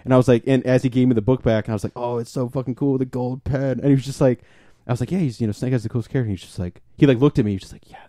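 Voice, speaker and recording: A young man co-hosting a podcast, telling an excited convention story in casual chat, swearing freely and acting out what people said. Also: mid-range voice, racing, no echo, studio quality. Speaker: podcast co-host.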